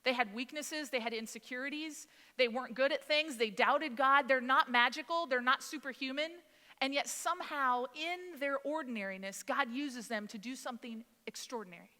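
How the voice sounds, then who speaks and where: A woman in her thirties, a mother of three, preaching a sermon in a casual, conversational way, full of lively asides. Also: sits high, moderate pace. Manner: conversational, animated storytelling. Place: church sanctuary. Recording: long hall reverb.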